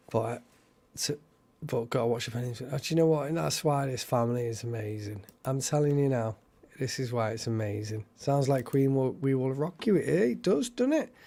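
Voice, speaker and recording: On a casual live stream, a chatty, excitable male host thanks viewers by name, talking at a normal pace in a mid-range voice.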